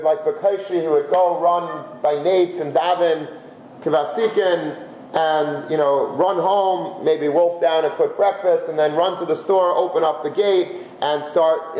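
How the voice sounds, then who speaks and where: A man, a rabbi, giving a Torah lesson in a conversational, animated storytelling way, with many Hebrew terms. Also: on the high side. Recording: roomy dull lecture recording with faint hiss.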